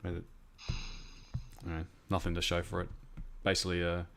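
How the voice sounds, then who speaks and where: Deep-voiced, laid-back man chatting. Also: completely flat delivery, a little fast, a bit bright. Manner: laid-back, chatty, trails off mid-sentence. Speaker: trading stream host. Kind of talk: casual live-stream chat.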